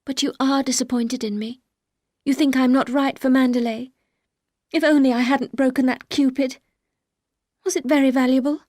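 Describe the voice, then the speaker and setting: A woman's voice: high voice, fairly even intonation, normal speed, no echo, studio quality, voice pushed up, close to an everyday voice. A woman voicing a shy, anxious young bride who speaks in an earnest, pleading way. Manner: earnest, pleading, raised and bright.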